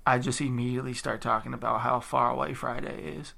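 A man with a gravelly, fry-laden voice chats casually as a podcast co-host. He sounds laid-back, pokes fun at himself and swears freely. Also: mid-range voice, fairly even intonation, quick pace, bright, forceful tone. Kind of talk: casual chat.

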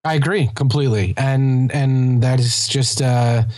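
A man from Kentucky co-hosting a podcast, chatting casually and joking about a TV series. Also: medium pitch. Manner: chatty, animated, quick to joke. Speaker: podcast co-host.

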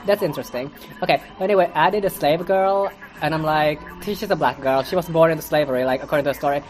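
A foul-mouthed podcast reviewer riffing in a loose solo commentary. The talk is sarcastic and rambling, full of stammers, restarts and blunt put-downs, at a mid-range pitch. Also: fast, a little hiss or hum. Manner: sarcastic and profane. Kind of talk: casual commentary monologue.

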